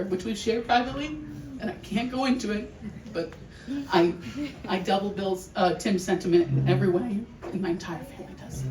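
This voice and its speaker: A woman giving a heartfelt memorial speech for her uncle, emotional and halting, with restarts and laughs. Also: mid-range voice. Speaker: family member giving a eulogy. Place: large hall with an audience. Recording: echoey room, distant mic, noisy.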